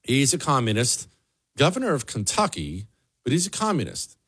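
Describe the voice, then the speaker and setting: Guy doing blunt sarcastic political commentary, voice swings up and down a lot, mid pitch. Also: wildly swooping pitch, normal speed, a bit bright, slightly rough. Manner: blunt, sarcastic, emphatic repetition. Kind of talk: opinionated solo commentary.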